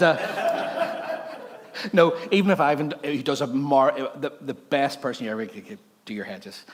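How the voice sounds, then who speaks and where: A man preaching a sermon in church, telling stories animatedly and laughing often. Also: mid-range voice. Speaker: pastor. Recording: long hall reverb, faint background noise.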